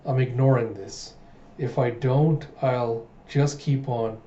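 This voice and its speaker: A man's voice: mid-range voice, steady tone, slow, dark tone, slight background noise, natural voice. A man voicing a weary, laid-back young guard while reading a comic aloud, in a dry, offhand way. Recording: roomy, dull home recording.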